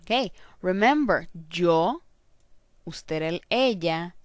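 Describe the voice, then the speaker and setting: A woman teacher giving a recorded grammar lesson, slowly and carefully saying each verb ending aloud. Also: fairly low pitch, expressive, dry recording. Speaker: Spanish teacher.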